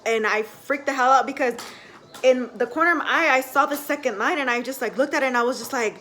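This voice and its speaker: A young woman telling a personal story to camera at home in a chatty, animated way full of fillers. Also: high-pitched, a little fast. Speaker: vlogger.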